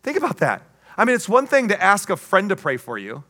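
A male pastor delivers a sermon in a high-pitched voice with an emphatic, call-and-response rhythm. His tone is bright and forceful, and he breaks in with playful jokes and asides between points. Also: wildly swooping pitch, brisk.

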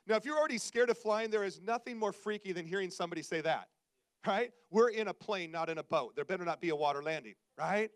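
A man preaching to his congregation, telling self-mocking stories in an animated, conversational way. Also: high-pitched, fast talker, no echo. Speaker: pastor. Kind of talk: humorous storytelling sermon. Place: church service before a congregation.

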